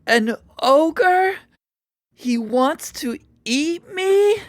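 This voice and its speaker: A young boy from a storybook cries out in a high, shrill voice, as a narrator puts him on. He is easily startled, and his words jump far up in pitch. The sound is dry and close. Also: very animated, drawn-out words, dry recording, full character voice. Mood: alarmed. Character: young boy hero, scared and excited. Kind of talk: storybook reading for learners.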